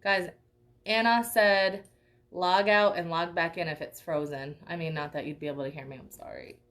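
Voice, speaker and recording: A woman's voice: lowish voice, fairly even intonation, normal speed, a bit bright. A young woman teaching a live online painting class, chatty and encouraging, checking in with "okay?" often. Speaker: art teacher.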